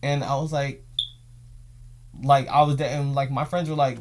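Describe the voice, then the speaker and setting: In a mid-range voice with flat delivery and normal speed, a young male podcast host tells an emotional story. It's a casual storytelling vlog, and he rambles, returning to the same phrases again and again.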